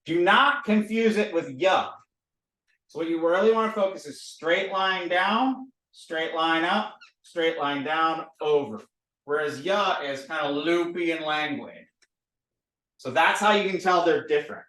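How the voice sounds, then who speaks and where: A man's voice: fairly high pitch, unhurried, recorded from a distance. A man teaching a recorded lesson on drawing letters, playful and drilling sounds over and over. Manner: playful, repetitive drilling, animated. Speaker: language teacher. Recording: roomy, a bit off-mic.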